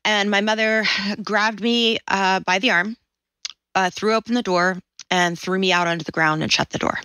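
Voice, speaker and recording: A woman's voice: mid-range voice, steady tone, moderate pace, pushed and bright, smooth, no room sound, poor audio. A woman in her forties, a podcast guest, vividly telling a personal story and acting out the voices she quotes. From Washington State, USA.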